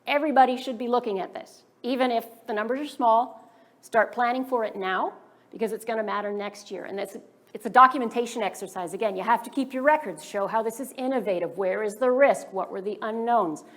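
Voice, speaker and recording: Higher-voiced woman presenting to founders. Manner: brisk, poses rhetorical questions to the audience. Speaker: government funding advisor presenting to startups. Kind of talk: workshop presentation. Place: business school event room.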